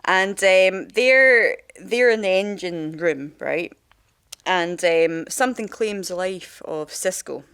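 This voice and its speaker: A woman's voice: fairly low pitch, slow pace, fairly bright tone, smooth. Woman chatting on a podcast, rambly and sweary, lots of ums. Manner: rambling, sweary storytelling with many fillers. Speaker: makeup artist and podcast co-host. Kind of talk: casual chat.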